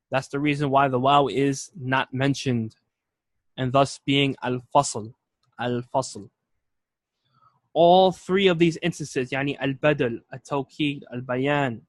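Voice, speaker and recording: A man's voice: fairly high pitch, dry recording. A male teacher giving a classroom lecture, patient and explanatory, repeating key points and checking that students follow. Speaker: Arabic teacher.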